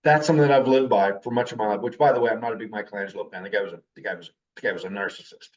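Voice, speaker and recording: A man's voice: on the low side, racing, distant mic, highs cut off. A man in his fifties giving a spoken class talk as a teacher, with an intense way of talking. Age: 50s. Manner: intense, animated talker.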